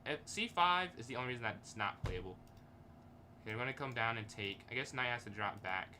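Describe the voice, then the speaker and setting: A man's voice: mid-range voice, lively intonation, a little fast, background noise. A man streaming a chess game, thinking aloud in casual, hesitant commentary and chuckling often.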